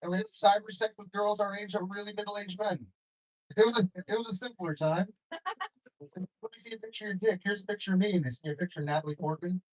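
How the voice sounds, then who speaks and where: A young adult man performing a stand-up comedy set on a club stage, delivering deadpan jokes and chuckling often. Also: high voice, fast talker, rough recording.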